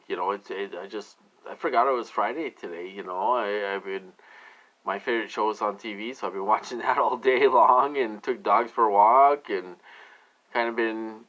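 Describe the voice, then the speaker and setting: Male vlogger, low pitch, forceful edge, rambling. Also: highs cut off. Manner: rambling, with frequent fillers and "you guys" asides. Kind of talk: rambling casual monologue.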